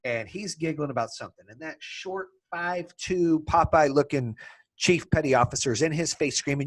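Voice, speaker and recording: A man hosting a podcast, telling a story in a casual, animated way, swearing freely and laughing as he talks. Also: on the high side, moderate pace. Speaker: podcast host.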